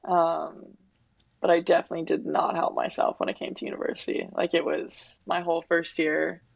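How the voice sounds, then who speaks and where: Very animated at normal speed, this low, gravelly, slightly rough-voiced woman is an athlete in her twenties from Winnipeg, Canada, guesting on a candid interview. She speaks openly and reflectively, saying "like" and "um" heavily, in a dull, dry lo-fi recording without echo.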